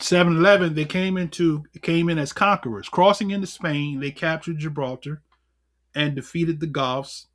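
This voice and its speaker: A man in the role of elder teaching a livestreamed class on scripture and history, speaking, full of rhetorical questions and chuckles. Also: a little high. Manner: animated, rhetorical questions, chuckles, fumbles with notes. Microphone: computer mic on a livestream.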